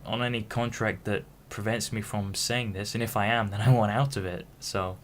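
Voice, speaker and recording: Low-voiced young man rambling frankly. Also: steady tone, a little hiss or hum. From Hull, England. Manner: frank, halting, many restarts. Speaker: vlogger. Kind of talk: casual rambling monologue.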